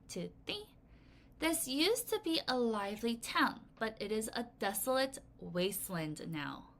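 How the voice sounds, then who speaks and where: Animated woman teaching vocabulary to kids. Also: medium pitch. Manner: lively, expressive, playful asides and counting in the class to read aloud. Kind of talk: recorded vocabulary lesson for children.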